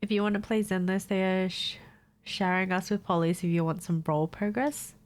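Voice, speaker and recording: A woman's voice: mid-range voice, steady tone, brisk. A young woman with a stuffed-up nose from a cold, chatting casually to her stream viewers, swearing freely and laughing often. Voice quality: nasal, congested.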